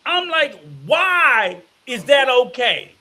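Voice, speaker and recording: Male co-host, fiery profane ranter, bright tense tone. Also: extremely high pitch, big pitch swings, takes it slowly. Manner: emphatic, profane, ranting. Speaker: podcast co-host. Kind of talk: heated casual debate.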